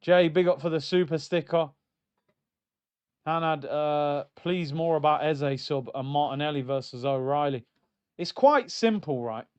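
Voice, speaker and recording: A man's voice: fairly high pitch, a little slow, a little mellow, clean tone. A man hosting a live football watchalong, ranting in exasperation and reading out chat messages. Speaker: host of a football watchalong stream.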